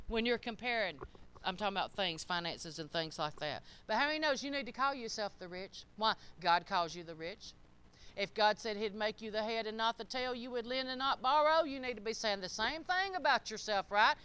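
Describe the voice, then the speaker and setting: A middle-aged woman preaching a sermon in a church, emphatic and swinging up to shouted peaks. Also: high-pitched, lively intonation, moderate pace, smooth.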